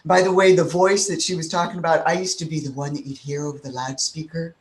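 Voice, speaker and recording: A woman's voice: deep voice, fairly even intonation, fast talker, a crowd in the background, rough recording. A woman guest in casual interview chat, speaking with a sarcastic, joking manner. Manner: sarcastic, jokey.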